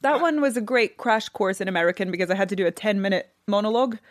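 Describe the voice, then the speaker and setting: A woman's voice: mid-range voice, fast, dry recording. A woman in her thirties with a Scottish accent, chatting as an actress guest on a podcast, giggly and friendly. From Scotland. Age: 30s. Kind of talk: casual podcast chat.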